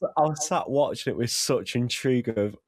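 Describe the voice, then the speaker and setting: A young man chatting casually on a podcast, animated, laughing often and swearing freely. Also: mid-range voice, normal speed, no room sound, clean studio sound. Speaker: vtuber guest.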